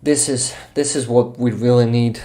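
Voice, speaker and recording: A young Ukrainian man hosts a casual live stream, reading out messages in accented English. He pauses to search for the right word and laughs easily between thoughts. His voice sits at an ordinary middle pitch. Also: steady tone, warm tone. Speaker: livestream host.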